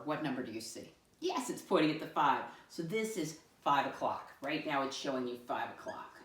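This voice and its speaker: A woman teaching young children, asking patient, sing-song questions. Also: low voice. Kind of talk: classroom lesson for young children. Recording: echoey room, mic far off.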